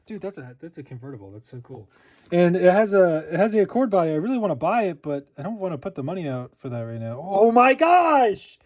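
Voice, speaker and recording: A young man doing a casual unboxing vlog, rambling and breaking into excited high exclamations as he goes. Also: fast. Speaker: RC car vlogger.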